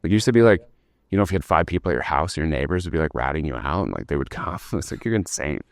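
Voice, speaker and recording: A man's voice: extremely low pitch, animated, very fast, vocal fry, no echo, clean studio sound. A man, telling his startup story as a podcast guest in a rambling, casual way, full of "like" and the odd swear word.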